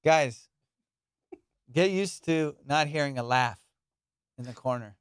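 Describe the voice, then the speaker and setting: A young adult man hosting a comedy podcast, telling a story in an animated, profane way and acting out quotes. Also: medium pitch, takes it slowly, clean tone, no room sound, studio quality.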